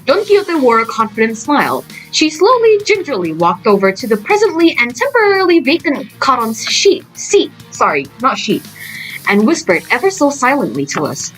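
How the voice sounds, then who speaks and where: Lively woman reading a game story aloud. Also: high voice, normal speed, faint music behind, low-quality recording. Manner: gushing, giggly fan reactions. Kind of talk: story reading with excited reactions.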